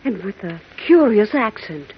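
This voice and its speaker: A woman's voice: mid-range voice, big pitch swings, measured pace, husky, heavily acted. A woman playing a sheltered young princess who speaks archaic English with thee and thou, earnest and bewildered, in a 1940s radio drama. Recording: dull old radio broadcast recording.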